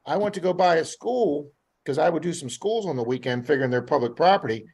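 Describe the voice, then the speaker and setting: A man from Florida, a metal detecting guest, telling rambling, animated stories and acting out what people said. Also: fairly high pitch, fast talker, husky. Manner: rambling, animated anecdotes with acted-out quotes. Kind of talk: casual storytelling on a live podcast.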